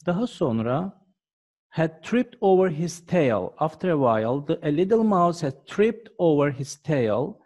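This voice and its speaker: Guy teaching english from a textbook, slow and patient, a bit on the higher side. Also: big pitch swings, darkish tone. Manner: patient, explaining word by word. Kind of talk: classroom lesson.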